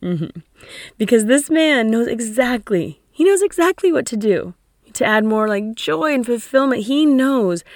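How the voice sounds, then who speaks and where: An energetic woman speaks as a coach, urging listeners on with emphatic, casually sweary talk. Her voice sits on the higher side. The sound is dry and close, with no room echo. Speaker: coach and podcast host. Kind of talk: motivational solo talk.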